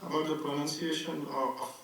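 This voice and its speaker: A man's voice: fairly high pitch, level tone, moderate pace, fairly bright tone. A man from Maharashtra, asking a question politely and a bit hesitantly over a video call. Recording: distant, echoey call with faint hiss.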